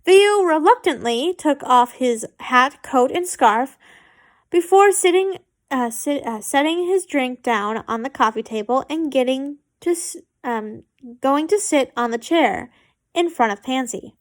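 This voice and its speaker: A woman's voice: high-pitched, lively intonation, measured pace. A woman reading fan fiction aloud, stumbling and correcting herself, with chatty asides.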